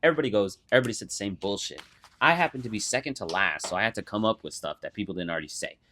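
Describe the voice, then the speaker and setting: A young man co-hosting a podcast, telling stories in a casual, animated way with swearing and mock voices. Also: on the low side, racing. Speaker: podcast co-host. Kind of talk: casual chat.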